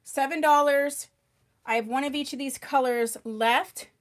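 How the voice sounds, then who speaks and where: Upbeat high-pitched female live-sale host, chatty and gushing, speaks up loudly on mic. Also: fairly even intonation, unhurried. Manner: chatty, gushing over products, answering viewers by name; tends to talk loudly. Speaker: wig seller hosting a live sale. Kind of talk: live-stream sales chat. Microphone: microphone.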